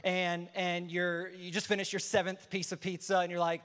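Young male pastor, high voice, animated sermon, ringing church hall. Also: clear, resonant tone. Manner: animated, acts out everyday excuses in quick asides.

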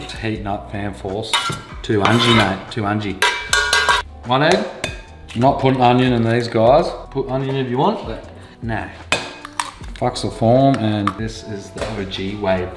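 A young man cooking in his home kitchen, talking in a casual, excitable, sweary way. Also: mid-range voice, unhurried, background noise. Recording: echoey kitchen with music behind.

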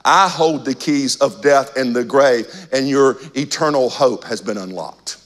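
A man preaching a sermon as pastor, slow and emphatic, with dramatic pauses and some lines dropped almost to a whisper. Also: medium pitch.

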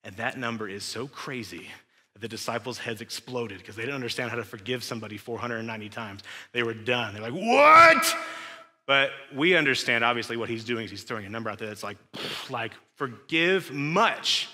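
A man's voice: lowish voice, fairly even intonation, fast talker, pushed and bright. A young man preaching a casual, emphatic sermon full of rhetorical questions, recorded in a church sanctuary. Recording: echoey church hall.

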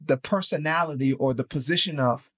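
A man with a slightly high voice talks on a faith podcast, shifting between slow, emphatic preaching and quick, slangy storytelling. His delivery is animated and conversational. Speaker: podcast co-host.

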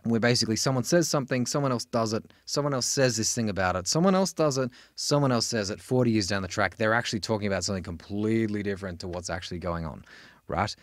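A man with an Australian accent teaching a singing lesson, chatty and animated, breaking into sung examples. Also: quick pace, no room sound, studio quality. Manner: chatty, animated, jumps into high sung demos. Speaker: vocal coach.

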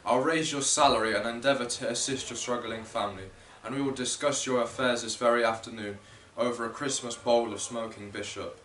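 A man's voice: medium pitch, steady tone, fairly quick, fairly bright tone, a little hiss or hum, lightly acted. A young man reading the lines of a giddy, reformed old miser, recorded echoey and distant. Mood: earnest. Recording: echoey room, distant mic, faint ambience.

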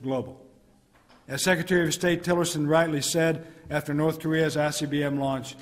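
Middle-aged man giving a formal speech in a hall. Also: on the high side. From United States. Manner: measured, emphatic delivery with deliberate pauses. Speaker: military commander giving a speech. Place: ambassador's residence reception hall. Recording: long hall reverb.

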